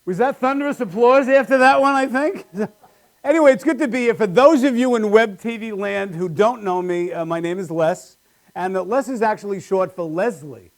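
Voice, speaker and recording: A man's voice: high voice, moderate pace. A man doing a live stand-up routine with wry, self-deprecating punchlines on a small comedy stage.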